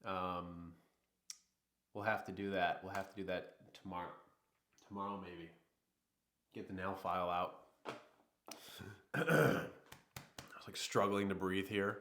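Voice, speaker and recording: A man's voice: sits low, slow pace, long pauses, fairly bright tone. A man hosting a livestream, chatting casually and rambling while a little sick. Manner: rambling, easygoing, talks to chat. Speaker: livestream host.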